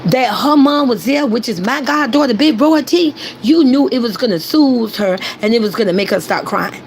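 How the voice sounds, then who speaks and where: A woman's voice: high-pitched, expressive, normal speed, a little hiss or hum, rough recording. Emphatic woman ranting to her chat. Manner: emphatic, repetitive, addresses chat directly. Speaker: commentary host. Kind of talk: ranting commentary.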